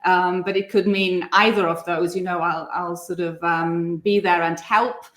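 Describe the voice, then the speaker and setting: A woman working as a German language coach, talking through example phrases in a measured way during a casual online discussion. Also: fairly low pitch, little pitch movement, a bit bright. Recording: echoey room.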